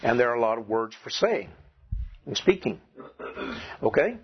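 A man teaching a classroom lesson, asking his students questions and clearing his throat now and then. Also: mid-range voice, big pitch swings, moderate pace. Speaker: Greek teacher. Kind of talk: classroom lecture. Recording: dull lo-fi classroom recording.

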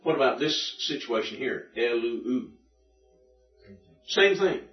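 A man's voice: medium pitch, moderate pace, soft background music. A male teacher giving a patient, methodical classroom lecture, repeating and drilling points for his students. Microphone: room recording from a distance. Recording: distant echoey classroom recording, dull lo-fi.

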